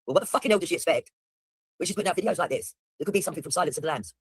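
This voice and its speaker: A man's voice: a little high, lively intonation, rapid-fire, heavy background noise. A man giving blunt, mocking, profane commentary while reacting to a video.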